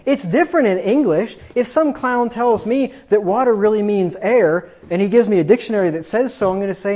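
A man's voice: high voice, fairly quick, hardly any pauses, a little mellow, highs cut off. A man preaching a sermon from the pulpit, emphatic and combative, often repeating himself for force. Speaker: pastor.

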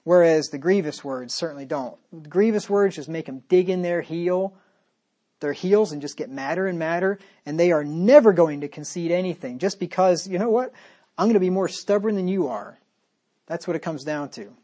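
A man's voice: on the high side, moderate pace, dark tone. A man preaching a sermon as pastor, talking straight to his listeners with emphatic repetition and rhetorical questions.

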